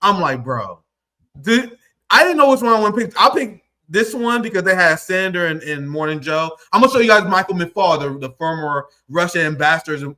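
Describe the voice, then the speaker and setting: A man's voice: high-pitched, sharp tone. A man hosting a political commentary stream, talking casually with profanity and acting out quotes in mock voices.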